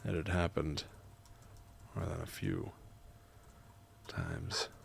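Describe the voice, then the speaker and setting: A man writing a horror story live, dictating slowly and musing, then chatting with viewers. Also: rumbling low, creaky, a little hiss or hum. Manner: slow, halting and musing; lively and chatty with his viewers.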